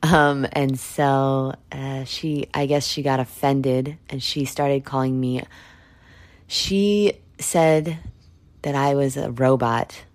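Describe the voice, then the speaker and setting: Woman in her thirties, solo podcast host; deep voice, candid and profane, rambles casually. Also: slow, darkish tone, dry recording. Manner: candid, blunt, rambling with fillers and swearing.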